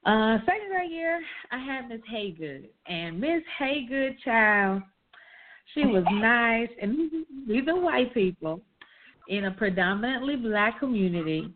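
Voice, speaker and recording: A woman's voice: a little high, unhurried. A woman co-hosting a casual talk show, animatedly telling a childhood story. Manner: animated, reminiscing, emphatic. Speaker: co-host. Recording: tinny phone-like line.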